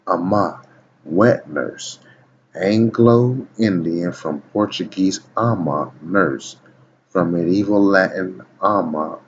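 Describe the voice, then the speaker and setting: A man reading dictionary entries aloud in a casual video, stopping often to tell the listener to watch and keep listening. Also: sits low. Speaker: video blogger. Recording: dull lo-fi recording with faint background noise.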